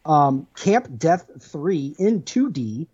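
A man co-hosting a podcast in casual chat, excitable, laughing a lot and swearing freely. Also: fairly high pitch, takes it slowly, lo-fi sound. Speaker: podcast co-host.

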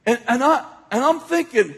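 A man preaching a sermon as an animated storyteller, laughing often as he tells a story to a hall audience. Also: very high-pitched, normal speed, background noise. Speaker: pastor. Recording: echoey hall.

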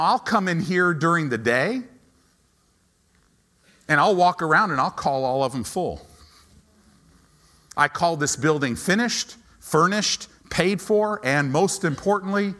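Animated preacher with a lively voice. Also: male voice, fairly high pitch. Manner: animated, dramatic shifts between hushed and shouted. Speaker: pastor. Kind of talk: sermon. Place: church sanctuary.

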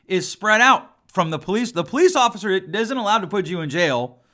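A man's voice: high-pitched, expressive, fairly quick, pushed and bright. A man in his forties, a family therapist, talking in a casual, emphatic and blunt way. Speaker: family therapist and podcast host. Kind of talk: casual podcast talk.

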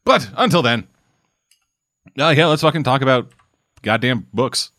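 A man's voice: mid-range voice, expressive, unhurried, sharp tone, no room sound, studio quality. Profane, rambling male podcast host. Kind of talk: casual comic book chat.

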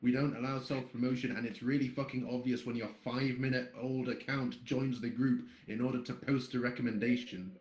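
A man's voice: medium pitch, fairly even intonation, fairly quick, hardly any pauses, darkish tone, roomy sound. A man who moderates a site, chatting bluntly on a podcast and swearing freely as he rambles along. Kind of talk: casual podcast chat.

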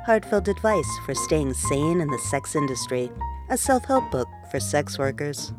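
A woman with a notably low voice gives a smooth, polished scripted introduction and sign-off for an audiobook. Clear instrumental music plays underneath her throughout. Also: big pitch swings, a little slow. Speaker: audiobook announcer. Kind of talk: scripted announcement.

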